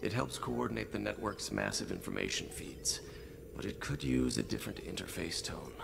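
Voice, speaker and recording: A man's voice: on the low side, huge pitch swings, normal speed, creaky, background noise, heavily acted. An actor playing a weary male information broker in a video game, with a wry, understated manner.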